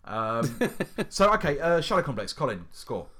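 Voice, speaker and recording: A man from Britain co-hosting a casual chat about video games, excitable, laughing often and swearing freely. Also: medium pitch, normal speed, husky. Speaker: podcast co-host.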